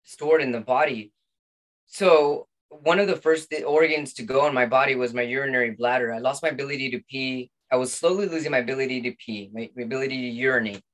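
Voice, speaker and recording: Middle-aged guy, guest on a chat, earnest and heartfelt, lots of restarts, ordinary pitch. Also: fast talker, a bit bright. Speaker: podcast guest. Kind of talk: personal storytelling in a chat.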